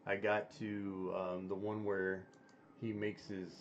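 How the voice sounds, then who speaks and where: Stream host, male, lower register, halting and chatty, dull lo-fi audio. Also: little pitch movement. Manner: rambling, halting with many fillers. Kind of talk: casual chat.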